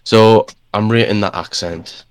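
Teasing Geordie man, low voice. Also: steady tone, measured pace. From North East England. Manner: teasing, joking. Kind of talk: casual chat.

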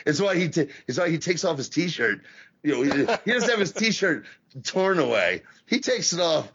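Gravelly, swearing podcast co-host man. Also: fairly high pitch, moderate pace, muffled recording. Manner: animated, swears a lot, acts out quoted voices. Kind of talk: casual profane wrestling podcast chat.

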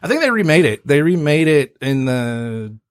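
A man's voice: fairly high pitch, sing-song, normal speed, clean tone, dry recording, studio quality. Laid-back man rambling on a podcast. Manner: loose, rambling, laughs often. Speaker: podcast co-host, contestant. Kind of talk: casual comedy podcast chat.

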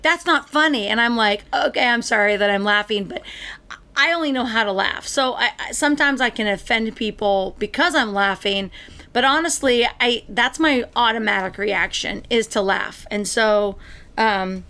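A woman's voice: medium pitch, fairly bright tone. A middle-aged woman in casual chat, chatty and giggly, often restarting her sentences.

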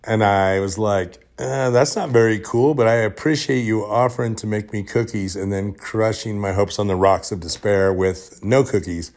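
A man hosting a podcast, telling a deadpan workplace story in a casual, joking way and dropping into whispers to act out the scenes. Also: lowish voice, normal speed, hardly any pauses. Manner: deadpan, joking storyteller who drops into whispers when retelling. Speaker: podcast host.

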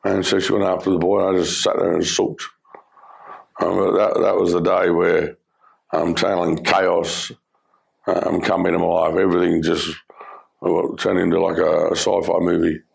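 Speaking in a flat, even tone, a deep-voiced, gravelly middle-aged Australian recounts his past as a former criminal in personal testimony. He's earnest but halting, with plenty of fillers.

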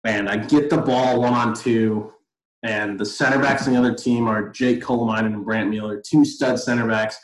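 A young man co-hosting a podcast, telling stories in a lively, easygoing way and laughing easily. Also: medium pitch, normal speed. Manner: animated storytelling, laughs easily. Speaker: podcast co-host. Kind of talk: casual sports chat. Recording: roomy echo.

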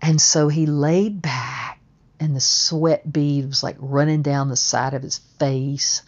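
A woman's voice: low-pitched, steady tone, slow pace, darkish tone, dull audio. A woman telling a first-person story in a blunt, emphatic way, with plenty of swearing.

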